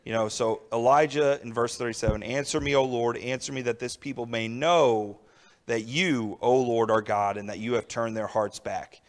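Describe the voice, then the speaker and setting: A man's voice: mid-range voice, fairly even intonation, moderate pace. A young adult man preaching a sermon in a conversational way, often checking in with his listeners. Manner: conversational preaching with frequent "all right" and "right?".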